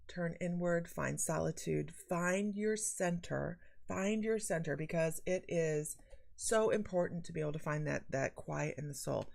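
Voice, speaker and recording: Woman, psychic host, casual livestream chat, animated, lower voice. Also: normal speed, vocal fry. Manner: chatty, animated, reads viewer comments aloud.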